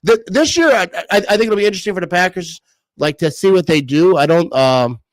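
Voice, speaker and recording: A man's voice: high voice, lively intonation, fairly quick, dry recording, poor audio. A man in his thirties hosting a casual live stream, rambling and laughing often as he reads comments. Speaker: livestream host reading comments.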